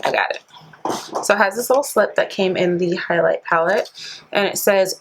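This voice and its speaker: A woman's voice: mid-range voice, moderate pace, breathy edge, poor audio. A woman beauty vlogger chatting casually through a product review, filling her talk with "like" and playful slang. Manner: chatty, says "like" constantly; playful slang, calls viewers sis and honey.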